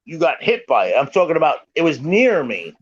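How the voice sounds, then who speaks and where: A middle-aged man tells a story in a loose, profane style, hammering home that every word is true. His voice sits a little high for a man. The sound is dry and a bit dull, like a lo-fi recording. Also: wildly swooping pitch, a little fast, breathy edge, dry recording. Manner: profane, emphatic, keeps swearing it is true. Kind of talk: casual storytelling chat.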